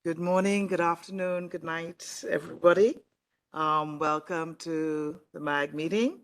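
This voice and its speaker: A woman chairing a formal meeting, giving brief, calm opening remarks with some fillers. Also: low voice, a little slow.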